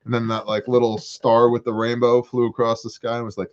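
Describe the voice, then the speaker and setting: A man's voice: medium pitch, fairly quick, few pauses, dull audio. A man hosting a prepper Q&A livestream on a porch, chatting and joking as he reads viewer comments. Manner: joking, animated storyteller. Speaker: host. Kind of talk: livestream Q&A chat.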